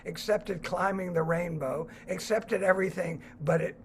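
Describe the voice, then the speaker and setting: Brief: an animated man telling children's stories with a raspy edge and faint music behind. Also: a little high. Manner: animated, acts out voices. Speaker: storyteller. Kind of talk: storytelling talk.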